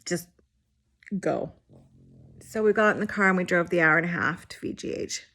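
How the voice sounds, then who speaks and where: A woman's voice: fairly low pitch, fast talker, sharp tone. A woman in her forties telling her own hospital story on a vlog, frank and unfiltered, with the odd swear word and wry laugh. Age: 40s. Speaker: vlogger sharing her illness story. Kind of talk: candid personal storytelling.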